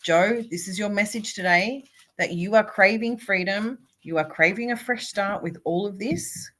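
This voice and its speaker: A woman's voice: mid-range voice, moderate pace, fairly bright tone. A woman, a spiritual coach, doing a live oracle card reading and speaking encouragingly to viewers by name.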